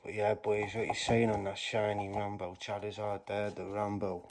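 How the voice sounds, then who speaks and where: A man chatting casually to viewers as he opens card packs, bursting into loud exclamations between quieter mumbled remarks. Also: on the low side, flat delivery, moderate pace, very noisy. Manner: slangy, chatty address to viewers. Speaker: YouTuber opening trading card packs. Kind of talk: casual vlog commentary.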